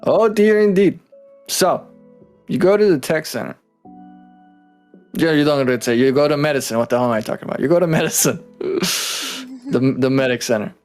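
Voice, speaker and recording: A man's voice: medium pitch, a little fast, pauses often, darkish tone, soft background music. A man narrating a tabletop game as game master, who jokes, swears and teases his players. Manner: laughing, swearing, playful teasing.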